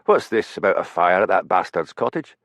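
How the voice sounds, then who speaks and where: A man voicing an old Highland fisherman, blunt and gossipy, in an audiobook. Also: lively intonation, fairly quick, fairly bright tone, no echo, studio quality.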